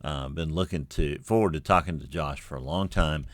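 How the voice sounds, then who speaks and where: A middle-aged man giving an unscripted weather briefing in a relaxed, folksy way with many fillers. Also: extremely low pitch, normal speed, no echo, studio quality. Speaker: TV meteorologist.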